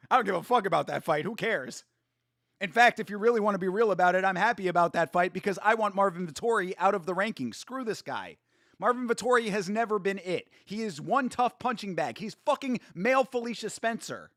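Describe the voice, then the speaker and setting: A man hosting a casual live watch-along, excitable and profane, trash-talking fighters, reading viewer chat aloud and laughing often. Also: high-pitched, no room sound, studio quality. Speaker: host.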